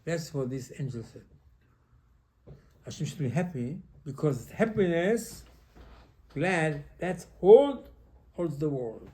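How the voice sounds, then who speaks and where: Man, rabbi, Torah lesson, fairly high voice, mellow tone, animated, repeats himself. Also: takes it slowly, long pauses. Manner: animated, repetitive, non-native English phrasing.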